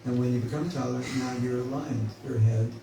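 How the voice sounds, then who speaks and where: A man's voice: mid-range voice, fairly even intonation, brisk, recorded from a distance. A man giving a spiritual class in a conversational, joking way, often acting out inner voices. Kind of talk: informal spiritual class talk. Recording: echoey room, mic from afar, faint hiss.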